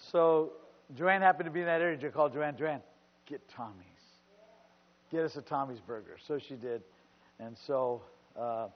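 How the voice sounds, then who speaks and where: An older man preaching as a pastor, telling personal stories with fervent, rising exclamations. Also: on the high side. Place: church sanctuary. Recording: muffled church recording with long reverb.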